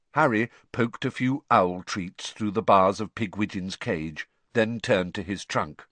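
A man reading an audiobook narration in an expressive storytelling manner. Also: low voice, a little slow, hardly any pauses, no room sound.

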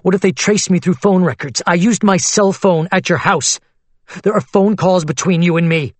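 A man voicing a tense, anxious man on the run, speaking low and hushed in an audiobook. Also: moderate pace, no echo.

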